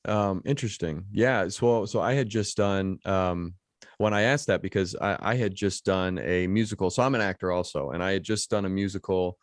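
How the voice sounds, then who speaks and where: Man hosting a podcast, halting questions. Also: sits low, no room sound, studio quality. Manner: rambling, halting questions with many restarts. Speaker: podcast host. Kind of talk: casual interview chat.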